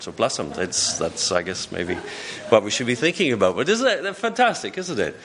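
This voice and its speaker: A man's voice: lowish voice, lively intonation, brisk, a bit bright, breathy edge. A man pastor giving a sermon in a folksy storytelling way, often restarting his sentences.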